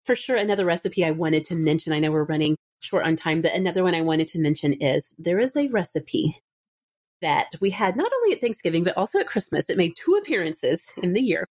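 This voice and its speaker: A woman's voice: lowish voice, animated, fairly quick, darkish tone. A woman in her thirties hosting a podcast, chatting casually and laughing often. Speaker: podcast host. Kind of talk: casual chat.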